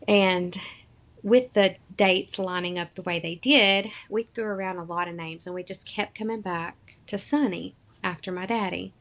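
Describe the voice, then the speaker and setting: A woman's voice: medium pitch, steady tone, normal speed, fairly bright tone. A woman in her thirties from Arkansas, a podcast guest telling a personal story in an earnest, emotional way and acting out what others said.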